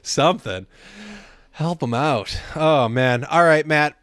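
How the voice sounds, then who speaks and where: A man's voice: a little high, slow, a bit bright, dry recording, clean studio sound. A man hosting a casual podcast interview, easygoing, laughing along and often saying "man". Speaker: podcast host.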